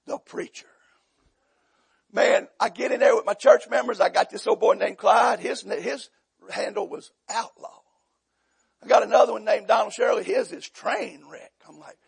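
A man preaching a sermon, telling folksy humorous stories and acting out voices, rising to loud shouts. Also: high voice. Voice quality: gravelly, husky. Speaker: pastor.

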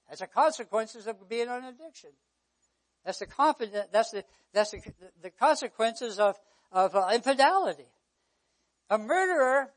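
Southern pastor, man, very high voice, sermon delivery with loud bursts and hushed asides. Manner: preaching with surges to near-shouting and drops to a hush.

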